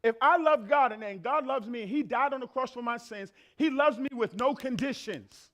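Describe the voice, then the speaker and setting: High-voiced man preaching a sermon. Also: moderate pace, fairly bright tone. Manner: emphatic, repeats phrases for effect; conversational, acts out everyday exchanges. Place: church in front of a congregation.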